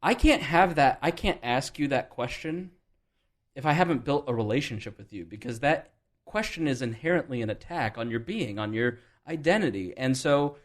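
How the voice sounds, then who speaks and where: A man's voice: medium pitch, animated, moderate pace. A man hosting a podcast, talking candidly and thinking aloud in a casual political discussion. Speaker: podcast host.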